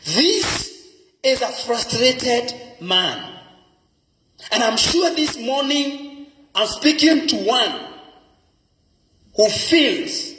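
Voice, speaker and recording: A pastor with a Kenyan accent preaches emphatically in a very high, fairly bright voice, repeating key phrases for dramatic effect. The hall around him is echoey, with long reverb.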